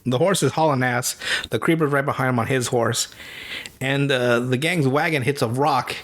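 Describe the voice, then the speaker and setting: A man hosting a podcast, retelling a cartoon episode in casual, profane chat, laughing often and slipping into quick character voices. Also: medium pitch, a bit bright. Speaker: podcast host.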